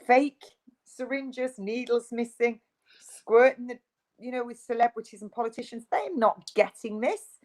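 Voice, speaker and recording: A woman's voice: fairly high pitch, a little slow, rough recording. A woman, a guest in an interview, speaking in an emphatic, insistent, ranting way. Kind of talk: video interview.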